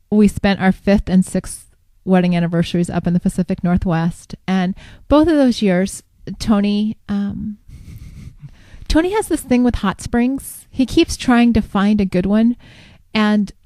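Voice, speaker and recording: A woman in her thirties chats casually in a mid-pitched voice and teases her co-host in a playful way. Her voice is recorded close, with a dry sound. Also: unhurried, warm tone, no echo. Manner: playful, teasing. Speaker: podcast co-host. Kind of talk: casual chat.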